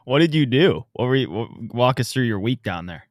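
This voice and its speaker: A man's voice: medium pitch, sing-song, fairly quick, dry recording, studio quality. A man co-hosting a podcast in casual chat, an easygoing storyteller asking questions. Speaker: podcast co-host.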